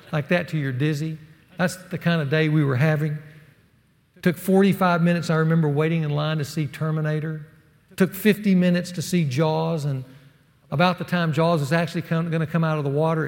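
A middle-aged man preaches to a room of men and spins a personal story with folksy energy. His voice sits a bit high and has a gravelly edge. A long reverb from a large hall trails his words. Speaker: speaker at a men's ministry session. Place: large hall with a live audience.

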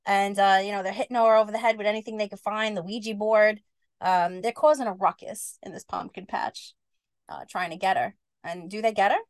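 A woman co-hosting a podcast who tells a goofy story in animated casual chat, with lots of fillers. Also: mid-range voice, fairly quick, no room sound. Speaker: podcast co-host.

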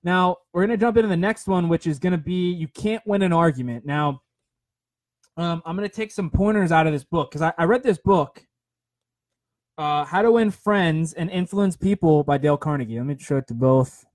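A man's voice: a little high, moderate pace, darkish tone, dry recording. A young man giving a rambling, earnest motivational talk on a phone livestream, full of fillers and repeated words.

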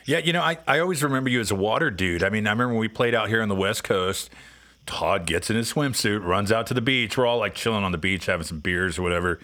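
A man's voice: fairly low pitch, quick pace, bright, forceful tone. A man hosting a casual podcast chat, telling long rambling stories and acting out what people said. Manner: rambling storyteller, acts out quotes. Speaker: podcast host.

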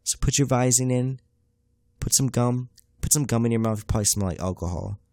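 A man's voice: medium pitch, a little fast, darkish tone, no room sound. Young man, podcast host, cussing, slangy storytelling, dry close sound. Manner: profane, slangy, laid-back, says "bruh" often. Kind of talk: comedic storytelling monologue.

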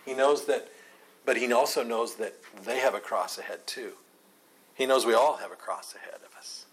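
A man's voice: medium pitch, moderate pace, rough recording. A man teaching a Bible study class, earnest and emphatic, taking questions from the group.

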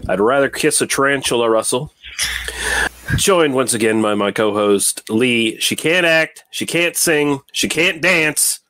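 A man's voice: medium pitch, no echo. Dry, close-miked male podcast host. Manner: relaxed, rambling, quick asides with fillers. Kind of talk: casual film podcast chat.

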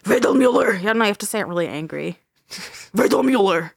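A woman's voice: medium pitch, animated, very fast, creaky, dry recording, studio quality. A woman from Ontario hosting a casual podcast, telling a ghost story with frequent laughs and swearing. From Ontario, Canada. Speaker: podcast host.

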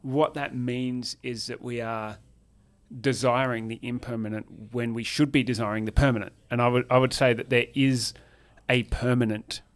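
A man hosting a casual discussion in a measured, thoughtful way, drawing on scripture. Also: mid-range voice, fairly even intonation. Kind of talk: casual conversation.

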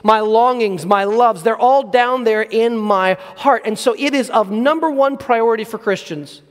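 A man preaching a sermon, earnest and emphatic, slowing down to stress key words. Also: high voice, long reverb tail. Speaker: pastor.

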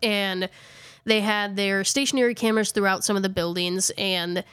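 Chatty woman, smooth dry voice. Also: medium pitch, steady tone, normal speed, a bit bright, no echo. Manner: chatty, lots of "like", self-correcting. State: slightly out of breath. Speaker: podcast host. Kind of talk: casual chat recapping a ghost-hunting video.

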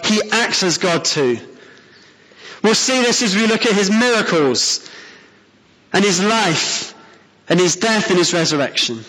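A man's voice: high voice, pushed and bright. A man preaching a sermon, earnest and emphatic, asking rhetorical questions as he reads and explains scripture. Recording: long hall reverb.

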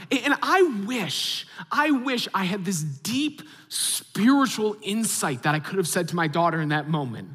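A man in his thirties preaching a sermon as a pastor, telling a story with animated, acted-out reactions. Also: high voice, normal speed, few pauses, breathy edge. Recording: long hall reverb.

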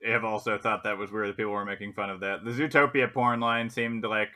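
A man's voice: lowish voice, steady tone, fast, pushed and bright. A man co-hosting a casual podcast chat, easygoing and agreeable, hedging his points. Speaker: podcast co-host.

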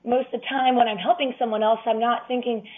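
A woman's voice: a little high, steady tone, quick pace. A young woman as a guest, speaking sincerely and encouragingly from her faith. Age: young adult. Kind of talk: casual interview talk. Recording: tinny phone line.

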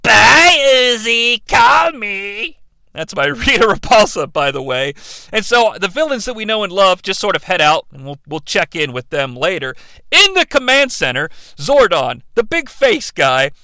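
A man's voice: high voice, very animated, moderate pace, sharp tone, no room sound. A young man giving a comedic movie recap in a sarcastic, profane way. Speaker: movie reviewer.

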